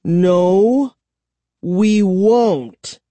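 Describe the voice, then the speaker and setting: A man voicing a scared young boy in an audiobook, speaking high and urgently. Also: lively intonation, moderate pace, mellow, no echo. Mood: defiant. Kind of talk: audiobook reading.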